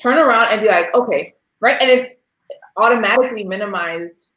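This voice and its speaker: A woman in her thirties shares parenting stories in a candid, conversational way, often acting out what was said. Her pitch sits in an ordinary middle range. The recording carries a noticeable roomy echo. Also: brisk, noisy background. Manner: candid, storytelling with quoted dialogue. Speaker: parent sharing experience. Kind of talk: casual discussion.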